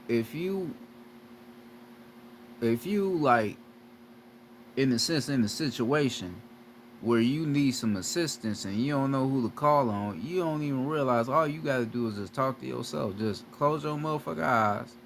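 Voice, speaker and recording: A man's voice: medium pitch, animated, unhurried, slight background noise. A man giving a profane, repetitive spiritual lecture straight to his viewers as a video creator. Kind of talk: preachy lecture to camera.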